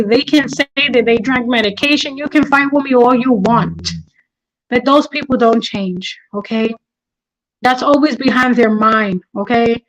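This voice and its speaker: A woman's voice: on the high side, low-quality recording. A middle-aged woman hosting a livestream, talking with anger and passion and repeating herself for emphasis. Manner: impassioned, repetitive, angry. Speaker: livestream host. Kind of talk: emotional livestream talk.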